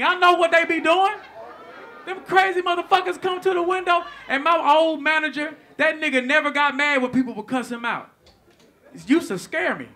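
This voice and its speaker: A man doing stand-up comedy, telling a story in an animated, profane way and acting out the lines of people in it. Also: extremely high pitch. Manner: animated, profane, acts out quotes.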